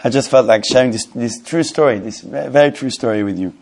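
A man teaching a Torah class who tells a story in a rapid, animated way, repeating himself and restarting his sentences often. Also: medium pitch, vocal fry, slight background noise.

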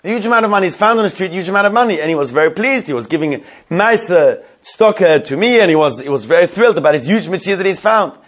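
Animated man teaching through a story. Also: high voice, fast, hardly any pauses. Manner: animated, many restarts, quizzes students. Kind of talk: storytelling lesson to a class.

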